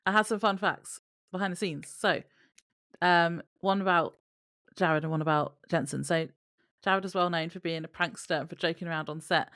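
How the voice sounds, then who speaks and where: Woman co-host, deep voice, laughs a lot, trivia reader. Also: steady tone, moderate pace, fairly bright tone, no room sound, studio quality. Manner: laughs often, reads facts from notes. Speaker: podcast co-host. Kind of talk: casual chat sharing trivia.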